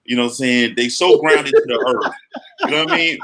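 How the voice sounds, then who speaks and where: A man's voice: mid-range voice, brisk, background noise. A man co-hosting a podcast in casual, blunt, profane chat. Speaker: podcast co-host.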